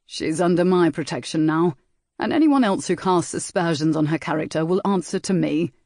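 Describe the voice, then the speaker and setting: A woman voicing a disgraced young viscount in a period audiobook, speaking with a cold, perilous calm. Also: on the low side, moderate pace, no room sound, studio quality.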